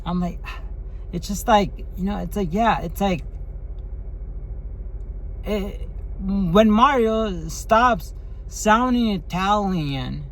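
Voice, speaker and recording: High-voiced rambling man. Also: slow pace, pauses often, fairly bright tone, a little hiss or hum, rough recording. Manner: rambling, full of fillers and tag questions. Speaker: movie reviewer. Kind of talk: casual spoken movie review.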